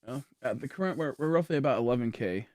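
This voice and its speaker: A man's voice: mid-range voice, expressive, quick pace, a little mellow, no echo, clean studio sound. A tired young man streaming from home, chatting casually with viewers in a rambling, filler-heavy way as he thinks aloud. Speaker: game streamer. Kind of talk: casual livestream chat to viewers. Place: at home, indoors.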